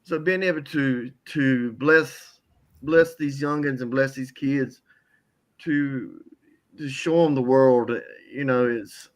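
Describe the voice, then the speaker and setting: An older man giving an emotional, heartfelt testimony on a call, halting and repeating words as he grows tearful. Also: medium pitch.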